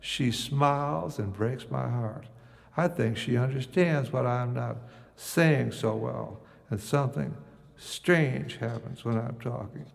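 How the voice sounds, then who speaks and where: A man's voice: medium pitch, takes it slowly, gravelly, in a large hall. An older man from the United States telling a wry, musing first-person story.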